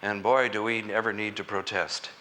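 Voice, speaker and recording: A man giving a conference lecture in a college hall, speaking in an earnest, deliberate way with measured emphasis. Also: fairly low pitch, fairly even intonation, very noisy. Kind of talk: public lecture.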